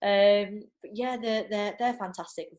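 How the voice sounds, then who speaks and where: A woman's voice: medium pitch, unhurried. A woman in casual conversation as a podcast guest, telling stories chattily with lots of fillers and laughter. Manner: chatty, animated storytelling with frequent laughs and filler. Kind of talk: casual chat.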